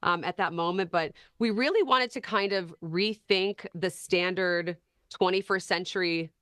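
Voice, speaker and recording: A woman's voice: lowish voice, measured pace, a bit bright, no echo, studio quality. A woman appearing as a guest on a television talk show, chatting about music with bubbly enthusiasm. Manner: enthusiastic, conversational. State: slightly parched. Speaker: radio host, guest.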